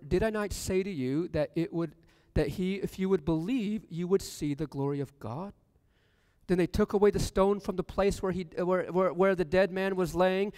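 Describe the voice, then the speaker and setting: High, smooth-voiced male preacher. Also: a little mellow, no room sound, long reverb tail. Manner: reads scripture aloud, then asks the congregation questions. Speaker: pastor. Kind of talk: sermon. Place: church sanctuary.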